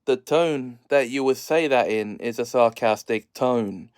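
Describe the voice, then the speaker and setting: Slow, clear-voiced man hosting a chatty video. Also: medium pitch. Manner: laughs between lines, jokey and sarcastic. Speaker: video host. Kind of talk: casual solo commentary.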